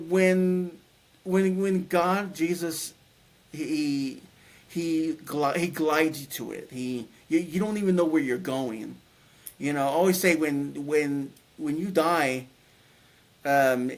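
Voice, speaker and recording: A middle-aged man telling a personal story in a casual, rambling way, full of restarts and fillers. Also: on the high side. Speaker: guest telling his near-death story.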